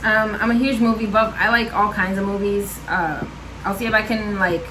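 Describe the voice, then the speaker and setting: A woman's voice: medium pitch, fairly even intonation, moderate pace, noisy background. A woman chatting casually on her home vlog, answering questions with lots of fillers and laughs. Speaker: vlogger. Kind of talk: casual chat.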